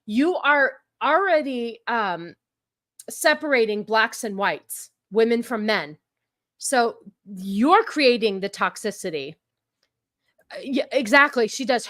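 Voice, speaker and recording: A woman hosting a live stream, mocking the clips she plays and ranting with heavy sarcasm. Her voice sits a touch high, and the sound is dry with no room around it. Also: fairly bright tone, no echo. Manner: mocking, quick to laugh. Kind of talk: casual live-stream commentary.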